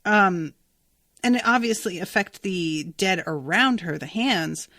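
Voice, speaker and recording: A woman hosting a podcast who reads a book aloud and reacts to it in an excitable way, swearing freely and laughing. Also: lowish voice, unhurried, no room sound, studio quality. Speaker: podcast host.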